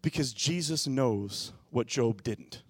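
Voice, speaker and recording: A man preaching a sermon as pastor, moving from quiet, musing passages to loud, impassioned bursts. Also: medium pitch, takes it slowly, breathy edge, no room sound, clean studio sound.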